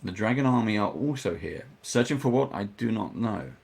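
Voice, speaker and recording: A man running a tabletop game, speaking in character as a leader briefing the party in a slow, measured way. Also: lowish voice, animated, creaky, a little mellow. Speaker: dungeon master.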